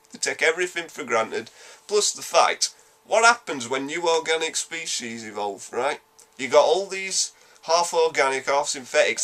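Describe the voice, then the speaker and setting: Yorkshire bloke ranting about a game, swears a lot, rambly, middle pitch voice. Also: male voice. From Yorkshire, England. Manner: animated, blunt and sweary, quick rambling rants. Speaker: video game reviewer. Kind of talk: casual spoken game review.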